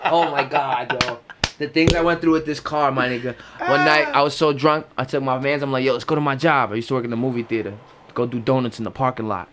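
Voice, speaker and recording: A man's voice: mid-range voice, fast, a little hiss or hum. A young man from Queens, New York, telling car stories in a casual, profane podcast chat and acting out the sounds. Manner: animated, profane, acts out sounds and voices. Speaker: podcast co-host.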